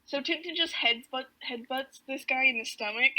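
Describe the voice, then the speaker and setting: A woman's voice: high-pitched, moderate pace, bright, forceful tone, low-quality recording. A woman co-hosting a podcast, casually retelling a comic, giggly, with lots of "like". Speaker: podcast co-host.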